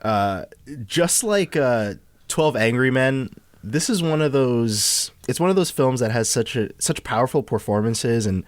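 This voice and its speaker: A man's voice: mid-range voice, lively intonation, a little slow, no room sound. A man co-hosting a podcast, talking through a film in casual chat, rambling and full of fillers and restarts. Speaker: podcast co-host.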